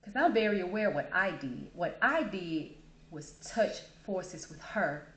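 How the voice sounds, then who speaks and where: A woman, hosting her channel and telling a story in a casual, animated way while she acts out the people in it. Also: measured pace. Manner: animated, acts out quotes with big pitch jumps. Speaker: channel host. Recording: echoey room.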